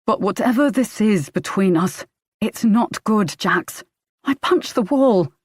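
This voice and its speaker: A woman's voice: medium pitch, expressive, takes it slowly, darkish tone, breathy edge, no room sound, studio quality. A woman voicing a young man, a defensive partner who talks in an earnest, pleading, agitated way. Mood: troubled.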